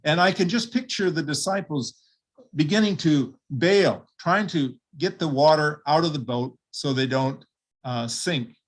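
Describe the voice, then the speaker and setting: An older man preaching a sermon with a slightly high voice. He tells the Bible story vividly and steps into its people as he goes. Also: unhurried. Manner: vivid retelling with acted quotes.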